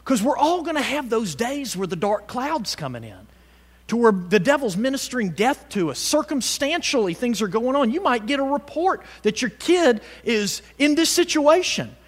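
High, lively-voiced preacher man. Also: normal speed, long reverb tail. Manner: animated, swings from loud exhortation to hushed tones; calls on the congregation to respond. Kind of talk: sermon.

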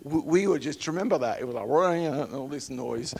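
A middle-aged man preaching a sermon and telling personal stories, shifting from loud emphatic declarations to hushed storytelling. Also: medium pitch, animated, moderate pace, gravelly, breathy edge. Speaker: preacher and missionary trainer. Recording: long hall reverb.

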